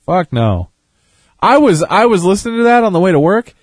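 Man, casual podcast co-host, reacts loudly, very animated pitch, dry recording. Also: fairly quick, no room sound. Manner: reads out a list, jumps up in pitch when excited. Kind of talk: casual chat.

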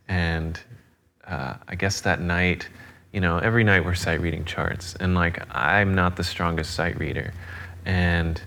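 A man, a drummer, telling animated stories with laughter in a casual interview. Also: low-pitched, a little slow. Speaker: guest drummer.

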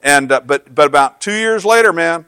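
A middle-aged man preaching a sermon in a loose, chatty way, stumbling and restarting as he tells stories against himself. His voice sits a little high for a man. The sound is dry and close, with no room echo. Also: expressive, normal speed, bright, forceful tone, smooth. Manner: conversational, self-deprecating storytelling with many restarts. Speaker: pastor.

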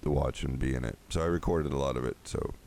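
A man's voice: a bass voice, quick pace, a little mellow. A man hosting a podcast, chatting casually and joking in a rambling, tired way. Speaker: podcast host. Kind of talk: casual chat.

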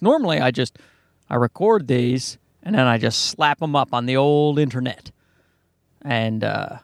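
A fairly high-voiced man in his thirties rambles through a solo comedy podcast, poking fun at himself and swearing as he goes. His delivery swoops around animatedly, and the close microphone sound is dry and free of room echo. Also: gravelly. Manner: rambling, self-deprecating, profane, with frequent restarts. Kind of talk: casual solo podcast monologue.

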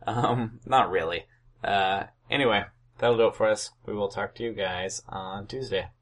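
A man's voice: on the low side, normal speed, a bit bright. A man co-hosting a casual fantasy baseball podcast, dry and teasing, with a mild Oregon accent. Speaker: podcast co-host.

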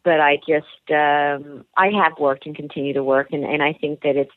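Woman talking openly on the radio, lowish voice, lots of restarts, tinny phone-line sound. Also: little pitch movement, moderate pace, dry recording. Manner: rambling, with many restarts and fillers. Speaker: actress and author being interviewed. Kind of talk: candid radio interview answers. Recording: phone-like narrow band, dry.

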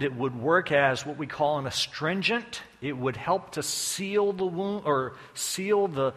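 A man's voice: a little high, fairly bright tone. A man preaching a sermon as a folksy, joking storyteller, with long hall reverb behind him.

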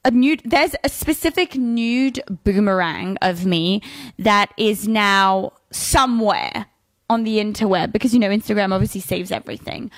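A woman co-hosting a podcast, chatting in a fairly high voice. She tells stories in quick bursts full of restarts and fillers. The sound is dry and close. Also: fairly bright tone, no room sound. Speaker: podcast co-host. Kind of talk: casual podcast chat.

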